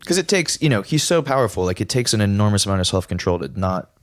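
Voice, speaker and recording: A man's voice: on the low side, very animated, quick pace, no echo, studio quality. A man co-hosting a podcast, talking eagerly about comics in a casual way. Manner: enthusiastic, reads quotes aloud. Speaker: podcast co-host.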